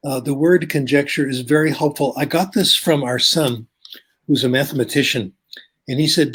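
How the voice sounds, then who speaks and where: An older man, a linguistics professor, explains ideas and tells anecdotes in an interview, often checking in with a quick "okay?". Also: medium pitch, a bit bright, husky.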